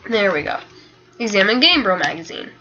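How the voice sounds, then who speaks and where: A woman's voice: medium pitch, sing-song, a little fast, sharp tone, soft background music. A young woman reading a webcomic aloud in a casual way. She is sleepy, keeps yawning, and trips over words she is unsure of. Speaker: webcomic reader. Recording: dull lo-fi home mic.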